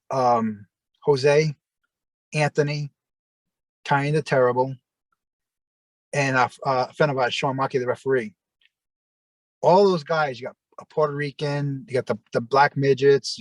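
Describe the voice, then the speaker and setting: A man telling long personal stories in a rambling, halting way, full of restarts. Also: medium pitch, dry recording. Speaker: interview guest. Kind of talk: casual storytelling.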